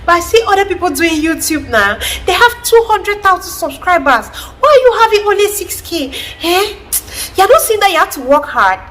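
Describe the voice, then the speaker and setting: A woman voicing a nagging, disapproving mother, loud and mocking. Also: very high voice, sing-song, normal speed, hardly any pauses, slight background noise, pitched above the performer's own voice, heavily acted. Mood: scolding.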